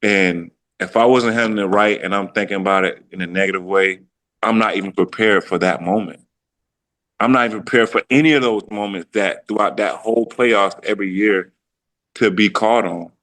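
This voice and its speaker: A man's voice: lowish voice, moderate pace, fairly bright tone. A man in his thirties, a podcast guest, talking loosely about his career, with frequent restarts and his own thoughts quoted aloud. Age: 30s. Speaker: podcast guest, former pro football player. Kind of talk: casual reflective storytelling.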